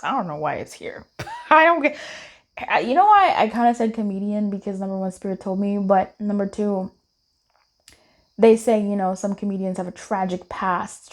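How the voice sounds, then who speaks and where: A young woman giving a casual, playful tarot card reading, chatty and quick to laugh, calling her viewers babe. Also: medium pitch.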